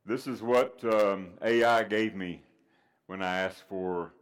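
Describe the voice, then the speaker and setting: A man preaching a Sunday sermon in a somewhat low voice. He talks loosely with ums and restarts between points. When he reads scripture he turns slow, loud and emphatic. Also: smooth. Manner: conversational with fillers, rising to loud emphatic scripture reading.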